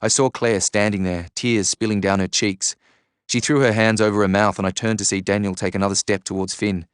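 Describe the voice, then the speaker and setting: Low, resonant male narrator reading fiction steadily; dry studio sound. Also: fairly even intonation, a little fast, clean tone, no echo. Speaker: audiobook narrator. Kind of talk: first-person novel narration.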